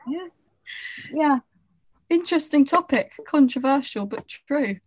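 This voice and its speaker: A woman's voice: high-pitched, animated, a little slow, a little mellow. A woman chatting as a podcast guest, rambling and self-deprecating, trailing off mid-sentence. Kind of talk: casual chat.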